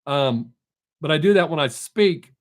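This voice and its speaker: A middle-aged man talks straight to his live-stream viewers in a blunt, chatty way. His voice sits a little on the high side, and he rambles easily from one story to the next. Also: animated, a little slow. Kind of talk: casual chat with viewers.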